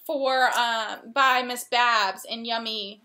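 A young woman chatting casually as a video co-host in her apartment. Her voice sits high and bright. She talks in quick runs with restarts and acts out little quotes. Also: fairly even intonation. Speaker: podcast co-host. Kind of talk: casual chat. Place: apartment living room. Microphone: camera.

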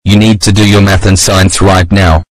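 Guy playing a bossy strict dude in a homemade cartoon, very low voice, dry. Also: flat delivery, normal speed, dry recording, poor audio. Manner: bossy, issues orders and threats. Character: bossy strict man who keeps signing the horse up for school.

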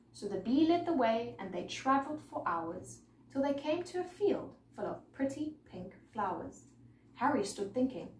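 A woman's voice: high-pitched, normal speed. Woman storyteller, sing-song rhyming read-aloud, roomy sound, mic far off. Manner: lively, sing-song rhythm. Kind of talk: reading a rhyming picture book aloud. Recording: echoey room, mic far off, faint noise.

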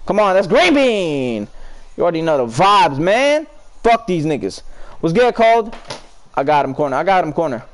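High-voiced, profane young male streamer. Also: sing-song, normal speed. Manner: profane, heated trash talk; talks to teammates and chat between plays. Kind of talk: live gameplay commentary and chat talk.

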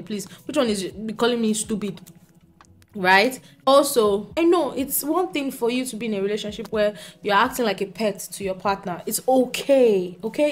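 Animated young woman ranting about books. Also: a little high. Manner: animated ranting, laughing, shifting from quiet to loud. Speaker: book vlogger. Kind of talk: casual reading wrap-up. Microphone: camera mic.

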